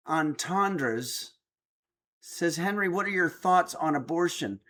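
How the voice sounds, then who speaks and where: A man's voice: fairly high pitch, lively intonation, slow pace, bright, forceful tone. A middle-aged man streaming, reading viewer chat aloud with dry, joking replies. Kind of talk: casual chat.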